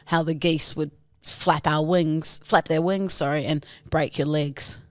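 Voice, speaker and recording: A woman co-hosting a podcast, playful and quick to protest. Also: low-pitched, fairly even intonation, no room sound, studio quality. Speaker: podcast co-host. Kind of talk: casual banter.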